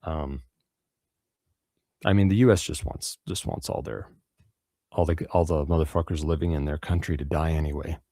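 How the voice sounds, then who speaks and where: Deep-voiced radio host guy, swears a lot, rambles with lots of ums, dry sound. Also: fairly even intonation, moderate pace, pauses often, warm tone, no echo. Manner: rambling and profane, with many fillers and restarts. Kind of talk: casual news commentary.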